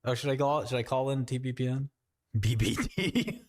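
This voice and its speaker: A man's voice: mid-range voice, flat delivery, fast, a little mellow, no echo, studio quality. A man hosting a casual trading livestream, rambling and joking as he thinks aloud and talks to his chat. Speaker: livestream host.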